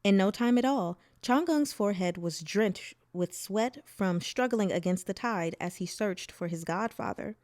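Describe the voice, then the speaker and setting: A woman reading a novel aloud as narrator, in a plain, steady storytelling manner. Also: medium pitch, a little slow, hardly any pauses, dry recording, studio quality. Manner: plain steady narration, voices dialogue briefly. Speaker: audiobook reader.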